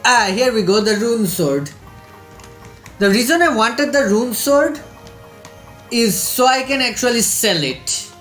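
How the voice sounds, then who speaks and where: A man hosting a let's play, calmly thinking aloud while he plays a strategy game. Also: very high-pitched, unhurried, long pauses, roomy sound, soft background music. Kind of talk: game commentary.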